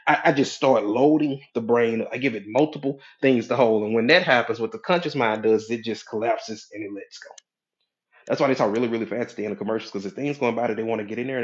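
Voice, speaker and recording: A man's voice: mid-range voice, highs cut off. A male hypnotherapist and coach giving a casual teaching talk in colloquial speech, acting out the mind's inner voices.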